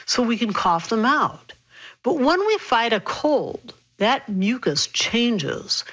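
A woman physician explaining health topics in a radio interview, brisk and clear. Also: mid-range voice, fairly bright tone, dull audio.

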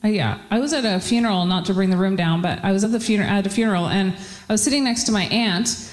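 A woman from Ottawa doing a stand-up set, telling stories in a chatty, animated way with voiced asides. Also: mid-range voice, quick pace. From Ottawa, Canada. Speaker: stand-up comedian. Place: theatre stage. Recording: roomy hall with live crowd.

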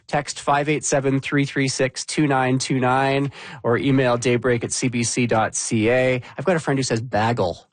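A man's voice: mid-range voice, level tone, normal speed, no room sound. A man hosting a live morning radio show in a casual, chatty way, often restarting his phrases.

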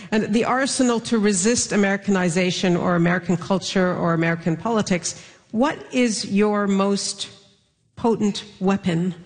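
A moderator running a live panel, asking carefully phrased questions and addressing the audience. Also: mid-range voice. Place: large hall with a live audience. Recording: long hall reverb.

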